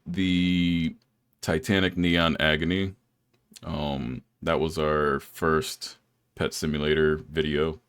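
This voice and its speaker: Very deep-voiced young man chatting. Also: level tone, takes it slowly, smooth, no echo, studio quality. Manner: laid-back storytelling, laughs often. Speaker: podcast host. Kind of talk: casual chat.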